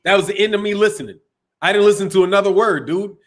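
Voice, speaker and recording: A man's voice: high voice, fast talker, noisy background. A man hosts a casual boxing livestream. He talks loosely and profanely, laughing often. He breaks off to read out super chats. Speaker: boxing channel host.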